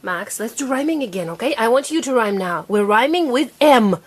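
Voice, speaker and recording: A young woman patiently teaching her small child to read, sounding out each word slowly and clearly. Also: fairly high pitch, expressive. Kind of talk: reading lesson with a preschooler.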